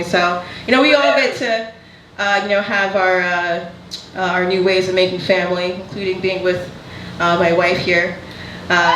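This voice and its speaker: A woman performing stand-up, talking in a loose, candid way and chuckling through her lines. Her voice sits at a mid pitch. The sound is echoey and roomy, with noise in the background. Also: a bit bright. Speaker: stand-up comedian. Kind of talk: stand-up comedy set.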